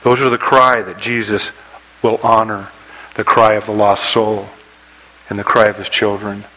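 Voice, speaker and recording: A man preaching a sermon, telling a story with rising excitement and dropping to a hush for quoted prayers. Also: moderate pace, rough recording. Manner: storytelling preacher, acts out scenes with rising pitch. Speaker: pastor.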